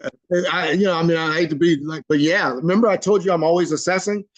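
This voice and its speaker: An energetic American man gives a training talk over a video call, in a fairly high voice. His delivery is conversational and lively, and he slips into the voices of the people in his examples. The sound is dry and a little muffled, like a laptop microphone. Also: quick pace, no echo. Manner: conversational, energetic, acts out scenes. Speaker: webinar trainer. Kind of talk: live training webinar talk.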